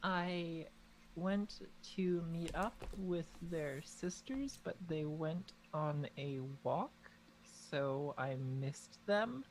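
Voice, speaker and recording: A woman's voice: on the low side, animated, very slow, a little hiss or hum, rough recording. A woman playing in a tabletop game, speaking thoughtfully and hesitantly. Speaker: player. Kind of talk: casual tabletop play.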